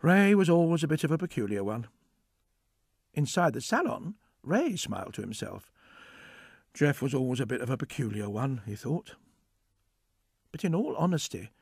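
A man reading a story aloud in a wry, expressive way. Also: on the high side, creaky, no echo, studio quality. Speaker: narrator.

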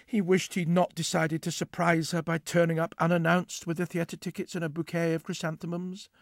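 A man narrating a story aloud, reading in an expressive way. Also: fairly high pitch, fairly quick, no room sound.

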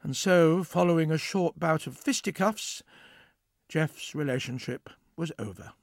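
A man narrating a story aloud, reading in an expressive way. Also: on the high side, unhurried, vocal fry, no room sound.

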